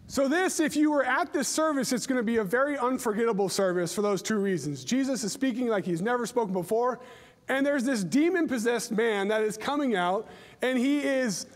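A man's voice: very high-pitched, lively intonation, a little fast. A middle-aged man preaching a conversational sermon, telling stories in a chatty way and often restarting his words. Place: church sanctuary. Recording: long church hall reverb.

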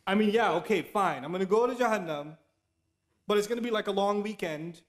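A man's voice: sits high, brisk. A man giving an earnest, conversational sermon, now and then reciting Arabic verses. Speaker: Islamic preacher.

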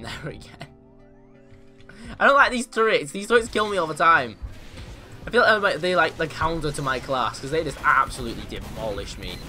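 A man giving casual, excitable commentary on his own gameplay, boasting in jest and yelping when things go wrong. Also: on the high side. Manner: excitable, mock-boastful, yelps and laughs in panic.

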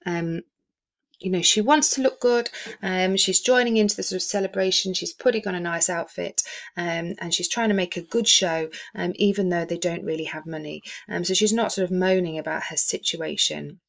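Low-voiced teacher, lots of ums. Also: female voice, moderate pace, gravelly. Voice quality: frequent "um" fillers, explanatory. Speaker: English teacher. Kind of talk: explaining a novel in a recorded lesson.

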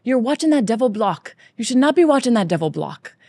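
A woman voicing an older Irish missionary man who scolds with an Irish accent, raised high above her own voice. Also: very animated, fairly quick, gravelly, dark tone, exaggerated voice. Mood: scolding. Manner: scolding, earnest.

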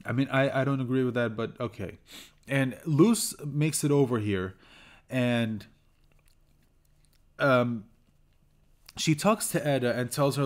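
A man giving a casual spoken review of a cartoon episode, talking haltingly with many fillers and restarts and chuckling now and then. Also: medium pitch. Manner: chuckles while recounting scenes. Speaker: show reviewer.

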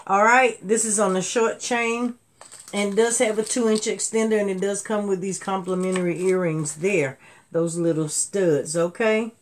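A middle-aged woman, chatting to viewers on a live jewelry sale, laughing often and jumping from low murmurs to excited high bursts. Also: normal speed, slight background noise. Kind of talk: live selling stream, casual chat to viewers.

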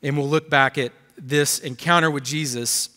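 A man delivers a sermon, reading scripture aloud and pressing hard on key lines. His voice sits a little high for a man. The sound carries a long church-hall reverb. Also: steady tone, moderate pace, pushed and bright. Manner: reads scripture aloud, building emphasis. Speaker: pastor. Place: church auditorium.

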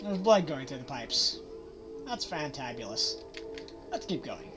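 A woman talks through a horror game in a slow, unhurried way, tossing out sarcastic jokes and mock-cheerful remarks. Her voice sits fairly low and leaps around a great deal in pitch. Loud game music plays clearly behind her. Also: animated. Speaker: let's play gamer. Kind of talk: gameplay commentary.

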